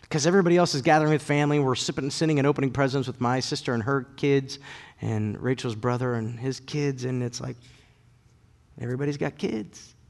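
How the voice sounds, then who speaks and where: A man in his thirties preaching a sermon and telling personal stories, lively and animated, his voice rising and getting loud when excited. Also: mid-range voice, fairly quick, long reverb tail. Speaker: pastor.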